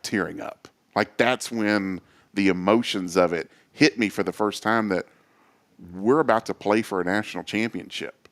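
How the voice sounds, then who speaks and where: A man, a guest on a talk show, telling lively stories with many quoted voices and fillers. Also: fairly low pitch. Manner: animated storyteller, acts out quoted voices. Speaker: associate athletic director, guest. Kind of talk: casual storytelling interview.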